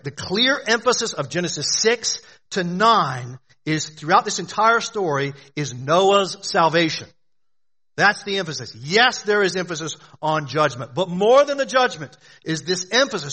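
A man's voice: high voice, big pitch swings, moderate pace, pushed and bright, slightly rough. A man preaching a sermon to a congregation, emphatic, often asking questions and answering them. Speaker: pastor.

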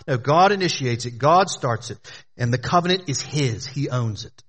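A man's voice: a little high, moderate pace, fairly bright tone. A man preaching a sermon as pastor, with emphatic, repetitive phrasing, sometimes speaking directly to the children in the congregation.

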